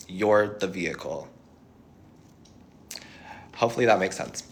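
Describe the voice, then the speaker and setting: A man's voice: fairly low pitch, normal speed, pauses often, a bit bright. A young man giving a tarot reading to viewers, reassuring and thinking aloud as he channels messages. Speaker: tarot reader.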